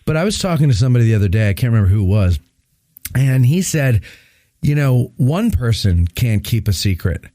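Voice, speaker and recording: Teasing talk show host, mellow voice. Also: male voice, medium pitch, big pitch swings, a little fast, no room sound, clean studio sound. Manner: casual, laughs often, teasing.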